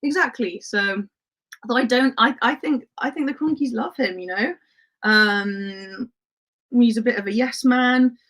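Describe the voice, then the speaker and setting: A woman's voice: fairly high pitch, a little slow, fairly bright tone. A woman who grew up in Spain hosts a casual livestream, reading viewer comments in a chatty way and laughing often, with lots of "um" and "like". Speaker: livestream host.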